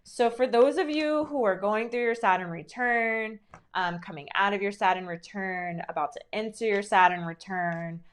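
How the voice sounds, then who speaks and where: A woman's voice: mid-range voice, moderate pace. Gushing, giggly young woman reading tarot. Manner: gushing, encouraging, filler-heavy with frequent giggles. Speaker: tarot reader streaming live. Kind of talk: casual live-stream reading.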